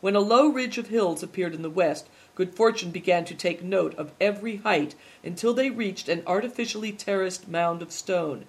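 A children's novel is being read aloud by an audiobook narrator whose mid-range voice keeps a measured, even rhythm suited to scripted storytelling.

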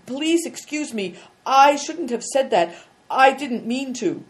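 A woman's voice: sits high, lively intonation, voice pushed up. A woman doing an earnest young boy. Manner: quick, earnest and apologetic. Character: polite, eager young boy. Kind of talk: audiobook reading.

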